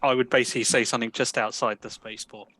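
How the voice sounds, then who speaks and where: A man playing a tabletop game, speaking for his character in a quick, offhand way. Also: medium pitch, fairly even intonation, pushed and bright. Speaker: player. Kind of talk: casual table chat.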